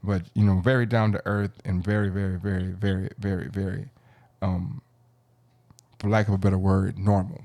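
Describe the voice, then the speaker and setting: Male podcast host, low dry voice, playful rambling banter. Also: little pitch movement, normal speed, darkish tone, no echo. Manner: rambling, self-interrupting, playful.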